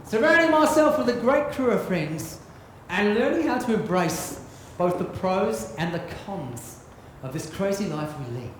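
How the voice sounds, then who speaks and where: A man performing alone as a boisterous old-time pirate captain sings and recites rhymes in an earnest recital before a live theatre audience. His sing-song voice sits high and unhurried, with a little hiss or hum over the echoey hall and its music.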